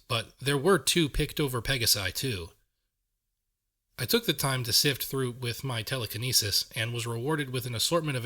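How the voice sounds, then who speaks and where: Brief: male audiobook narrator, bright tone, even middle pitch, steady reading. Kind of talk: first-person story narration.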